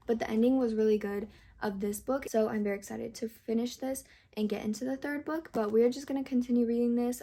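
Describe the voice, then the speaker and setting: Chatty young woman vlogging, mellow voice. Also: fairly high pitch. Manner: chatty, gushing, many "like" fillers. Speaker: book vlogger. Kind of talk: casual reading vlog chat. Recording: faint music underneath.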